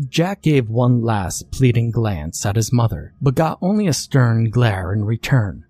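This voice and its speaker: A man narrating a scripted horror story in a steady, measured way. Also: medium pitch.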